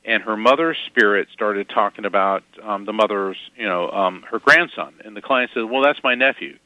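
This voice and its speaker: A man guesting on an interview, telling lively anecdotes with quick asides and chuckles. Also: on the low side, no room sound, phone-quality sound. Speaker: guest psychic medium. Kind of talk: casual interview storytelling.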